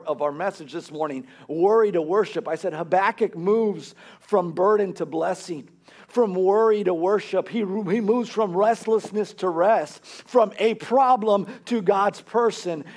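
Male pastor, higher-pitched voice, conversational sermon delivery that builds in emphasis. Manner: earnest, conversational preaching with rising emphasis. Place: church.

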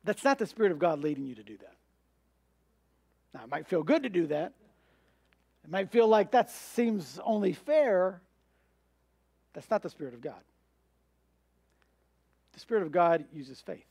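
A male pastor delivers an emphatic sermon in a notably high voice. He poses questions and answers them himself, acting out the objections of his listeners. The sound is dry and close. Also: very animated, unhurried, gravelly, pauses often, a little mellow, husky, dry recording.

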